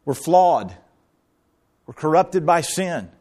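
A middle-aged pastor preaching a sermon, his voice sitting a little high for a man. He acts out the quotes with big swings in pitch and volume. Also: very animated, slow pace, a little mellow.

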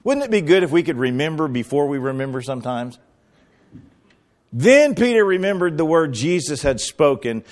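A middle-aged pastor preaching a sermon, his voice sitting a little high for a man. He acts out the quotes with big swings in pitch and volume. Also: sing-song, moderate pace.

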